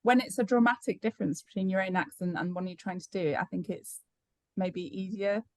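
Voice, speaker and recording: A woman's voice: mid-range voice, steady tone, a little fast, darkish tone, no room sound, studio quality. A woman co-hosting a podcast, chatting in a playful, giggly way. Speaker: podcast co-host. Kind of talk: casual podcast chat.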